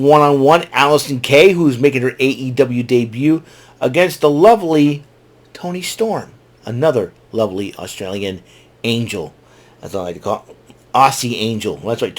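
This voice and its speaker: Halting man recapping wrestling. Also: mid-range voice. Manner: halting, many fillers and restarts; enthusiastic fan. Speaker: wrestling show recap host. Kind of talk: casual unscripted recap.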